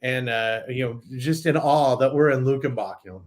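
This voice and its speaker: A man as a guest in a casual interview, telling stories in an animated way with frequent restarts. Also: medium pitch, normal speed.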